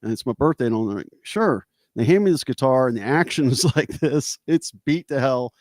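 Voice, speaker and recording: A man who is a guest guitarist, telling casual stories in an animated way, laughing often, over a video call. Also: medium pitch, fairly quick, no echo, studio quality. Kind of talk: casual storytelling chat.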